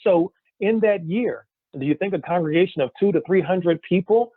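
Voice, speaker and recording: A man giving an energetic sales pitch, firing off rhetorical questions to his listeners. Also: moderate pace, breathy edge, dry recording. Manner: energetic, rhetorical questions, keeps saying "guys". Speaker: business opportunity presenter. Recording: tinny phone-like dry recording.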